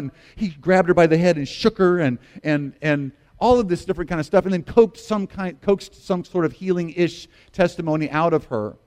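A man's voice: a little high, darkish tone. A man in his fifties, a pastor preaching a sermon in an earnest, conversational way, often restarting his sentences. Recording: long reverb of a large hall.

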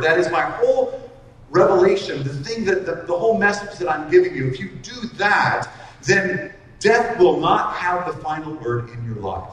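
Earnest preacher in an echoey hall. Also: male voice, on the high side, expressive, a bit bright, recorded from a distance, slight background noise. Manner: earnest, slows down to stress key lines. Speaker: pastor. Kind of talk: expository sermon. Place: large hall with long reverb.

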